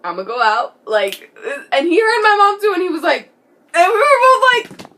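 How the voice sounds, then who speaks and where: A teenage girl telling a story in a casual vlog, excitable and giggly, full of "like" and "bro", sometimes dropping to a hushed whisper. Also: very high-pitched, normal speed, a little hiss or hum. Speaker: vlogger.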